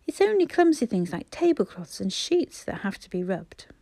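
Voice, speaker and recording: A woman's voice: mid-range voice, big pitch swings, moderate pace, mellow, no echo. Bobby, a woman doing an earnest young girl. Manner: careful, earnest.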